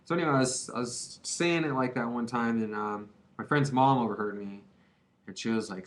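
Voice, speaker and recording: A man's voice: medium pitch, normal speed. A young man in his twenties talks straight into the camera, rambling and looping back on his points. His speech is casual and slangy but earnest, the way a friend gives blunt advice. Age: 20s. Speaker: vlogger giving advice on quitting.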